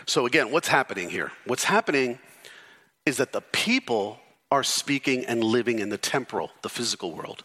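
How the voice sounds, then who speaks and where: Animated, bright-voiced male preacher. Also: moderate pace, slightly rough. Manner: emphatic preaching with repeated rhetorical questions and sudden drops to low intensity. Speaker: pastor. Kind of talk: expository sermon.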